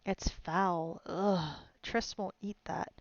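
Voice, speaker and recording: A woman's voice: lowish voice, steady tone, slow pace, gravelly, no room sound, muffled recording. A woman reading aloud and voicing a squeamish young girl with a whiny, disgusted manner.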